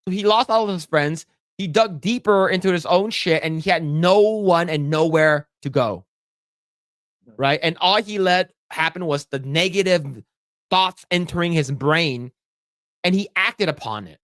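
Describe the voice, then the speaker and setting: A man co-hosting a casual podcast, talking bluntly and profanely with lively storytelling. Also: a little high, a little slow, dry recording, clean studio sound. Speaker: podcast co-host.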